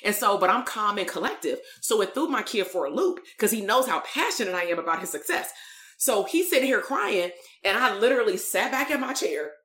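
A woman's voice: mid-range voice, very animated, fairly quick, a bit bright. A woman coaching therapists in a live-streamed talk, telling stories in a blunt, streetwise way full of slang.

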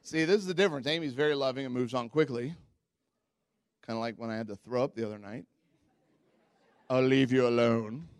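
A man preaching a sermon as pastor, telling stories in a candid, self-mocking way and jumping into high squeaky voices when quoting people. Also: quick pace, dry recording, clean studio sound. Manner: animated storytelling, jumps into high squeaky voices for quotes.

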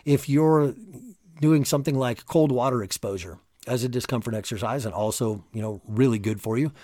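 A man hosting a solo motivational podcast, talking in an energetic, emphatic, casual coaching tone. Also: medium pitch, normal speed, no room sound, clean studio sound. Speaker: podcast host.

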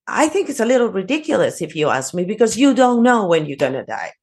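A middle-aged woman, a life coach on a podcast, telling stories in a lively, candid way. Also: mid-range voice, quick pace. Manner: expressive storyteller, lively and candid. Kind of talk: casual podcast conversation.

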